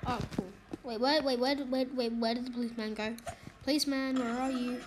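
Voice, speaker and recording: Excitable high-voiced woman gaming. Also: background noise. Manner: excitable, quick, complaining, jokey. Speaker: gamer, video host. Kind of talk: casual gaming commentary. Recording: game music playing loudly underneath. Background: game music.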